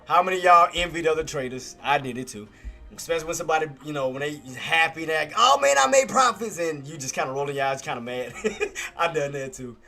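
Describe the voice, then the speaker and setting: A man's voice: fairly high pitch, fast, bright, forceful tone, soft background music. A man who streams about stock trading, talking casually and candidly to viewers, laughing often and using slangy everyday speech.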